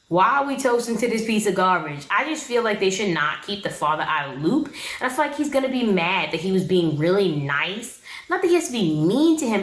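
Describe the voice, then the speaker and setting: A woman's voice: lowish voice, fairly bright tone. Young woman doing a chatty reality tv recap, slangy and opinionated, bit of room echo. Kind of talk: casual recap commentary.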